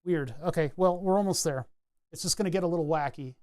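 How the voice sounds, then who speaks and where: An electronics hobbyist streamer from New England chats casually while soldering, rambling and thinking out loud about each connection. His voice is a little high for a man, at normal speed and smooth. The sound is dry and close, with almost no room echo.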